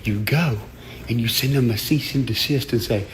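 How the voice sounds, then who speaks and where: A man's voice: mid-range voice, normal speed, background noise. A man ranting casually and profanely on a livestream, boastful and laughing often. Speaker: livestream host.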